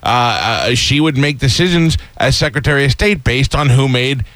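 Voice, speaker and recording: A man's voice: medium pitch, expressive, normal speed, fairly bright tone, dry recording. A man from Staten Island hosting a radio interview, speaking in a hesitant, agreeable way with frequent restarts. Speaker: radio host.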